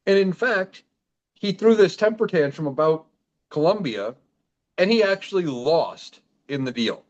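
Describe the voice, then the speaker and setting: A man from Iowa who is a guest on a podcast, chatting in an easygoing, animated way. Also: a little high, a little slow, highs cut off. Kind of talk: casual podcast chat.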